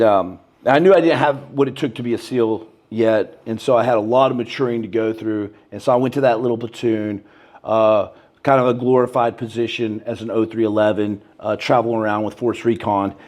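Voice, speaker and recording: A man's voice: fairly low pitch, moderate pace. A man in his thirties, a podcast guest telling stories in a laid-back, casual way. He keeps saying "bro" and "man" and raises his voice to act out quotes. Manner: animated, acts out quotes in a raised voice. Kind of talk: casual storytelling interview.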